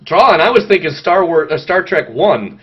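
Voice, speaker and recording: A man co-hosting a casual gaming podcast, rambling and animated, swearing often and stalling with fillers. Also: on the high side, moderate pace, husky. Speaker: podcast host. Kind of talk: casual chat. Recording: dull lo-fi sound with faint noise.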